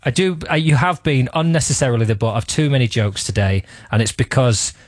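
A man's voice: mid-range voice, brisk, dry recording. A man hosting a radio show in a casual comedic chat, rambling and teasing, and laughing often. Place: radio studio.

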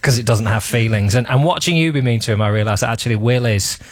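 A man's voice: mid-range voice, quick pace. A man hosting a radio show in a casual comedic chat, rambling and teasing, and laughing often. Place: radio studio.

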